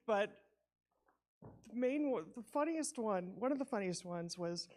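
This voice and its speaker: A woman's voice: lowish voice, unhurried, darkish tone. A woman giving a rambling, self-deprecating eulogy at a church memorial, laughing often as she shares memories of her aunt. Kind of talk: informal memorial tribute.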